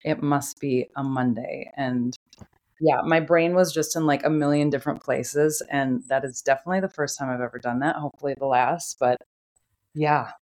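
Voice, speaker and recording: A middle-aged woman, a podcast host, chatting casually and telling a funny home story with animated laughter. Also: rumbling low, normal speed.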